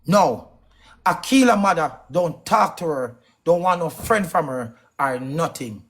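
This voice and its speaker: A man's voice: a little high, lively intonation, a bit bright. A man with a Jamaican accent delivering a heated, accusing rant on a live stream, firing off questions. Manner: angry, accusing, rapid-fire questions.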